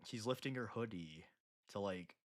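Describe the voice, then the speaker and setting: A man streaming casually while he paints, joking crudely with a friend and sometimes yelling. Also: on the low side, normal speed. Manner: crude, joking, swings from loud outbursts to mumbling.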